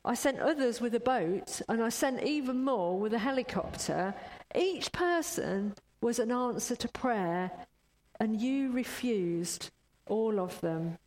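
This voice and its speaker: A woman preacher voicing God in a parable, calm and measured, in a long church reverb. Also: on the high side. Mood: patient. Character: God answering calmly and patiently.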